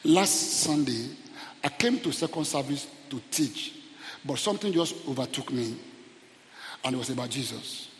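A man preaching a fervent sermon in a church auditorium, calling out to the congregation and rising to shouted peaks. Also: medium pitch, animated, moderate pace, in a large hall, a little hiss or hum. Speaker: pastor.

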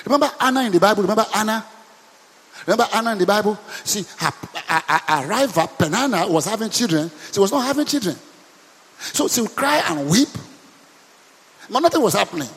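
A Nigerian-accented man preaching as a pastor, calling out to his congregation and pressing them to answer back. His voice sits high and carries a husky edge. The sound rings with the long reverb of a church hall. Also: animated, fairly quick, a bit bright. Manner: emphatic call-and-response preaching. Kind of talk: preaching a sermon.

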